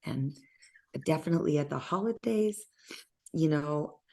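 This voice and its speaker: A woman hosting an interview, talking reflectively in a halting, soft-spoken way with many pauses. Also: low voice, animated, gravelly. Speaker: interview host.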